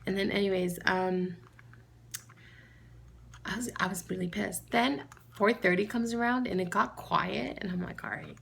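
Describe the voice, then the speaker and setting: A woman with a New York accent, vlogging and telling a story in a chatty, animated way, quoting herself in a raised voice. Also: medium pitch, a little slow, vocal fry, long pauses, a little hiss or hum. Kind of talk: casual storytelling vlog.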